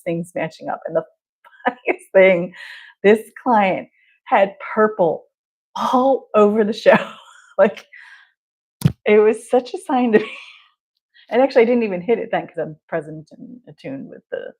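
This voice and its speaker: A woman's voice: fairly low pitch, a little mellow, breathy edge. A woman therapist hosting a podcast, telling a candid personal story in an open, chatty way and laughing often between phrases.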